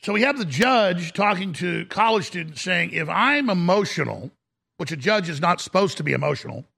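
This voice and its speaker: Male talk radio host, indignant ranter, high, gravelly and husky. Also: animated, normal speed, sharp tone. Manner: indignant, ranting, mocking.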